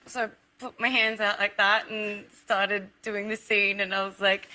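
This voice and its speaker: A woman's voice: mid-range voice, level tone, brisk, few pauses, background noise. An Australian woman telling an anecdote in an interview, acting out her story and laughing. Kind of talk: animated storytelling.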